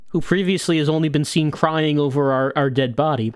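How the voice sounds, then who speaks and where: A man streaming a game and making quick, wry comments. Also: fairly high pitch, smooth, dry recording, clean studio sound.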